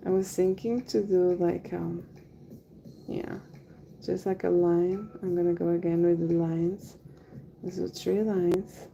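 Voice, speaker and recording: A woman talks casually while she works through a livestream. Her voice is low and gravelly with a mellow, dark tone. She sounds relaxed and chatty, often trailing off as she concentrates. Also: slow, highs cut off, a little hiss or hum. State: has the hiccups. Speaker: henna artist livestreaming. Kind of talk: casual chat while working.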